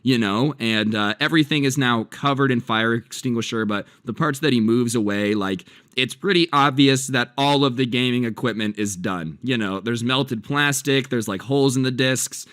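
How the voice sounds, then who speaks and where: A man's voice: medium pitch, normal speed, hardly any pauses, a bit bright, no echo, clean studio sound. A man casually narrating a story as a channel host, chatty and loose with lots of fillers.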